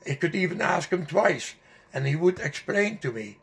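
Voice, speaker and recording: An older man slowly recounting a personal memory in an interview, halting often with fillers and restarts. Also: sits high, expressive, vocal fry. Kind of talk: personal storytelling.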